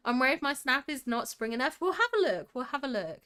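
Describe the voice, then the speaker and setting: Bright, gushing young woman streamer. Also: high voice, animated, fast talker, few pauses. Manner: gushing, giggly, reads out and answers chat. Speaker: livestream host. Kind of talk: casual livestream chat reviewing game screenshots.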